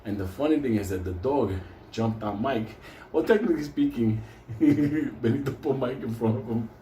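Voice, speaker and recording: A man's voice: medium pitch, normal speed, warm tone, slight background noise. A man hosting his own show, telling a story in casual, heavily profane speech, laughing often as he goes, recorded with a roomy echo. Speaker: host.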